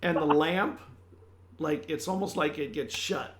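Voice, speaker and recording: A man narrating as game master in a tabletop game, describing scenes in a loose, halting way. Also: a little high, fairly bright tone.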